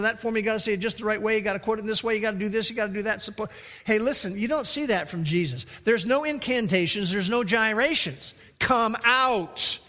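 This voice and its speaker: Man, pastor, emphatic sermon, high voice, long reverb in a church hall. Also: a bit bright. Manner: emphatic preaching, acting out quoted lines.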